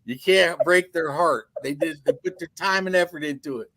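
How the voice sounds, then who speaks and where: A man on a talk panel who answers with lively, laughing chatter. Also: fairly high pitch, moderate pace, dry recording. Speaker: panel guest. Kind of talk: comedic chat.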